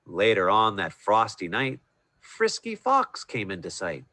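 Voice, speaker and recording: A man reading a rhyming Christmas picture book aloud in a sing-song, expressive way over a video call. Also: on the low side, measured pace, dry recording. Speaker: storyteller.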